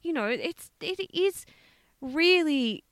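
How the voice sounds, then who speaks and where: A woman co-hosting a casual chat, telling stories in an animated way, swearing freely and laughing as she goes. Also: high-pitched, slow, dry recording, clean studio sound. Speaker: podcast co-host.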